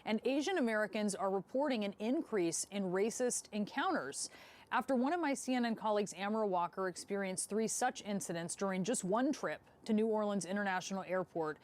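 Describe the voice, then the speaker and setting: A woman news anchor opening a story and interviewing a guest, in a measured, steady manner. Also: medium pitch.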